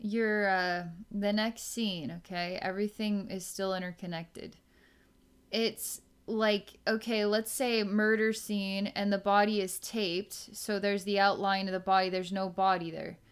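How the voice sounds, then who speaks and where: A woman giving a psychic healing session, musing slowly and trailing off with fillers. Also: medium pitch, little pitch movement, smooth. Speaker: psychic energy healer.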